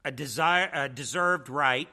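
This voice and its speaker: A man's voice: medium pitch, unhurried, sharp tone. A man teaching a church seminar in a preaching style, emphatic and full of rhetorical questions.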